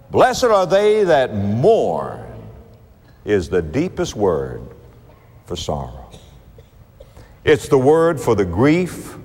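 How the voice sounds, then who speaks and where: A man preaching a sermon, emphatic and rhythmic, slowing down dramatically on key phrases. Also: fairly low pitch. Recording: long reverb of a large hall.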